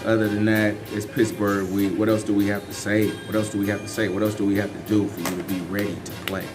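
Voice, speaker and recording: Rambling fifty-something fan with faint music. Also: male voice, on the low side, level tone, fast. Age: 50s. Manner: loose, rambling and emphatic. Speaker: sports fan vlogger. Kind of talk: casual fan commentary.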